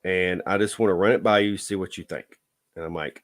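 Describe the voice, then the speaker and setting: A man's voice: sits low, steady tone, normal speed. A man telling a dating story in a blunt, folksy way, lecturing listeners with a repeated "okay?". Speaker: dating advice vlogger. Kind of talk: casual storytelling monologue.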